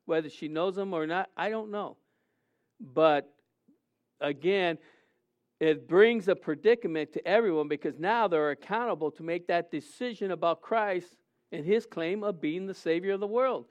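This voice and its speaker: A man preaching a sermon, animated and conversational, often acting out quotes in a raised voice. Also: high voice, moderate pace. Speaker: pastor. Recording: dull lo-fi sound.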